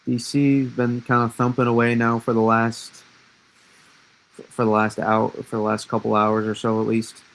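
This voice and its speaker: A man's voice: medium pitch, completely flat delivery, normal speed, creaky, fairly bright tone, poor audio. A man casually breaking down a snowstorm forecast on a live stream, rambling and answering viewer questions as he goes. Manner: chatty, rambling, restarts and answers chat.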